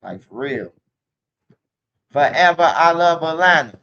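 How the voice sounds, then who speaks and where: A man rants at length in profane street slang, circling back and repeating himself. His voice sits a bit high for a man. The sound is dull and lo-fi, like a stream capture. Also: sing-song, unhurried, sharp tone. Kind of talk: casual rant.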